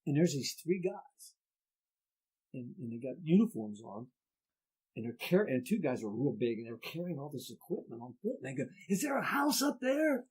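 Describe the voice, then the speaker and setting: A middle-aged man with an Appalachian accent, a folk musician telling stories in a casual podcast chat, lively and doing voices for the people in them. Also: mid-range voice, moderate pace, husky, low-quality recording. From Appalachian Ohio. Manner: animated storyteller, does voices in quotes.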